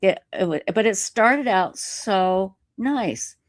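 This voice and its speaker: A woman live streamer telling a story in casual interview chat, animated and self-mocking, laughing often. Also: mid-range voice, slow, no room sound, studio quality. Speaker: YouTube live streamer reading a letter.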